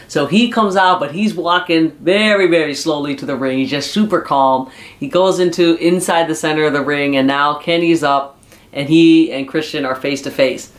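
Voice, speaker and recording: A chatty YouTuber retells a wrestling episode in a loose, unscripted way, full of fillers and restarts. The voice sits in a middle pitch, and the delivery stays casual throughout. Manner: chatty, many fillers and restarts, often laughing. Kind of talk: casual spoken recap.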